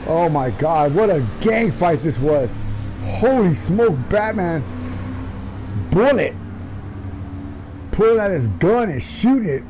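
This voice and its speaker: A man commentating a sim race and interviewing drivers, shouting in excitement, then rambling. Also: a little high, slow pace, long pauses, faint music behind, low-quality recording.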